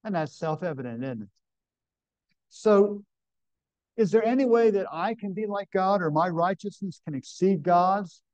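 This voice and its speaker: A man preaches in a fairly high voice, emphatic as he reads scripture aloud. He keeps putting questions to the congregation. The recording is dry and dull, with a lo-fi sound. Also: animated, unhurried, a little mellow, dry recording. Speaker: pastor. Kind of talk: sermon. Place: camp meeting.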